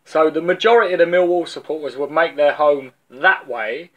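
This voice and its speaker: A man's voice: on the high side, normal speed, a bit bright, highs cut off. A man from London with a London accent, giving an informal video sermon as a preacher, telling stories in a loose, conversational way and often repeating words as he restarts.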